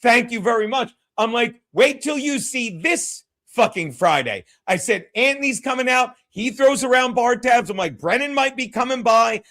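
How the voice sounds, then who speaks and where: A man with a very high-pitched voice hosts a casual talk show. He rambles through anecdotes, swears freely and acts out other people's lines. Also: animated, moderate pace, few pauses, a bit bright. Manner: profane, ranting, acts out quotes. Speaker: podcast host. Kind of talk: casual storytelling chat.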